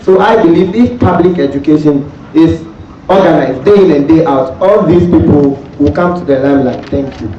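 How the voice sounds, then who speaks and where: A man's voice: on the high side, normal speed, slight background noise. A man speaking earnestly at a seminar. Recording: distant, dull, echoey hall.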